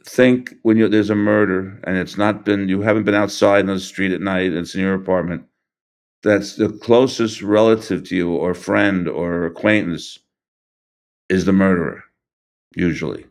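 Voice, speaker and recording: Halting older man with a low voice. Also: darkish tone. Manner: halting, restarts and trails off, earnest. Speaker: interview guest, grieving father. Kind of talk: recounting events in an interview.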